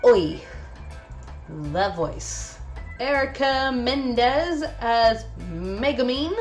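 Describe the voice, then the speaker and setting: A woman's voice: a little high, lively intonation, very slow, soft background music. A woman hosting a casual anime review video, chatty and enthusiastic with lots of fillers.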